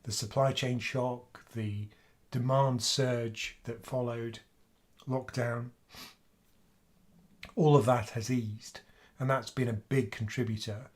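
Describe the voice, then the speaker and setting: A man's voice: mid-range voice, fairly even intonation, takes it slowly. A man hosting a finance livestream from home, with a sore throat, talking casually and thinking aloud with fillers. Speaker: finance channel host.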